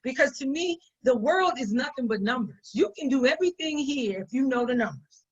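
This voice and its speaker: A woman's voice: high-pitched, expressive, brisk, breathy edge. A woman business owner giving conversational business advice in an emphatic way, often repeating her points for stress. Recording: dull lo-fi sound.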